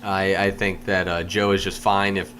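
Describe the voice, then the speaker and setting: A man's voice: low-pitched, level tone, normal speed, fairly bright tone, slight background noise. A man co-hosting a casual podcast, mostly giving short agreeing replies and blunt opinions. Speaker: podcast co-host. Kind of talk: casual chat.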